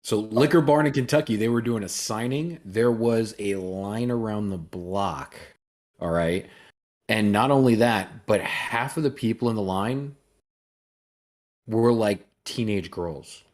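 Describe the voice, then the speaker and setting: Lower-voiced man, relaxed anecdotes, casual chat. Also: a little slow. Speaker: whiskey show contestant.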